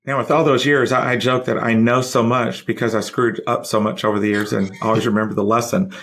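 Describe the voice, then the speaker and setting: A man's voice: mid-range voice, little pitch movement, brisk, a bit bright. A man hosting a podcast who asks questions in a rambling way with lots of fillers. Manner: rambling, many fillers and restarts. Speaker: podcast host. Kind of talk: conversational interview.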